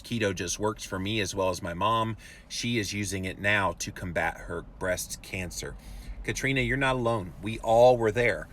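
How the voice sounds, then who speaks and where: A man's voice: lowish voice, a bit bright, slight background noise. A man hosting a live rant show, reading out viewer comments and urging listeners emphatically. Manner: emphatic, preachy, talks straight to viewers. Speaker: podcast host.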